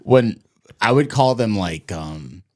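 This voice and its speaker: A man's voice: fairly low pitch, expressive, takes it slowly, very noisy. A man on a comedy podcast, talking in a rambling, profane, giggly way. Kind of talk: crude comedic banter.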